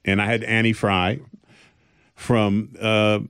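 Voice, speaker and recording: A man with a fairly low voice swaps stories on a casual podcast. He rambles with restarts and fillers and acts out the people in his stories. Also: takes it slowly, smooth. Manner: animated storytelling, acting out the people he quotes. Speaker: comedian.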